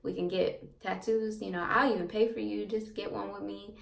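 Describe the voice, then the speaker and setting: Gravelly-voiced young woman chatting off-mic. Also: mid-range voice, steady tone, normal speed, recorded from a distance. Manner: chatty, repeats herself, lots of "like" and "um". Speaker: vlogger. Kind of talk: casual storytelling to camera. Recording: echoey room, off-mic.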